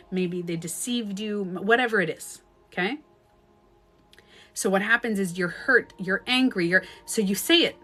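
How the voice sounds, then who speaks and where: A woman's voice: mid-range voice, fairly bright tone. A woman coaching viewers in a casual livestream talk, frank and emphatic, swearing freely and acting out inner thoughts as quoted asides. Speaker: beauty and relationship coach.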